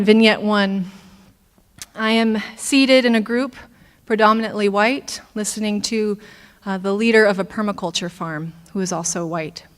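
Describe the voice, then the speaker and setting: Brief: female intern minister, measured sermon delivery, unhurried, sanctuary reverb. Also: mid-range voice, clear, resonant tone. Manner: slow, deliberate, reflective preaching with pauses. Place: church sanctuary.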